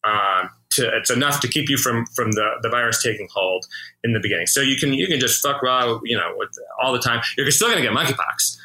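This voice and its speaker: Bright-voiced halting man host. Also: medium pitch, lively intonation, poor audio. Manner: halting, full of restarts and fillers. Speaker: podcast host, comedian. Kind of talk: casual podcast chat.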